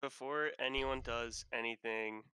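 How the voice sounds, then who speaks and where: A man taking part in a tabletop game, asking things in a halting, hesitant way. His voice is bright and smooth, picked up from some distance. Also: medium pitch, steady tone, no room sound. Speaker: player. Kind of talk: casual tabletop play.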